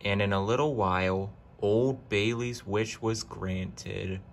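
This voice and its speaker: A man narrating a children's train story in a deliberate storytelling manner. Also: fairly low pitch, fairly even intonation, creaky, a little hiss or hum.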